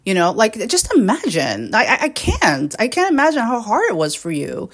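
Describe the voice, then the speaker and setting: A woman hosting an audio show, delivering a mocking, berating monologue straight at the listener, her voice swinging sharply up in pitch. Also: very animated, normal speed, few pauses. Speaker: podcast host.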